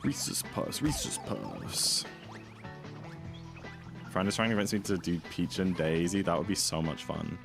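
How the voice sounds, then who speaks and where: A man's voice: low voice, steady tone, quick pace, hardly any pauses. A man streaming a game, chatting casually and rambling while he reads and answers his chat. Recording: game music playing behind.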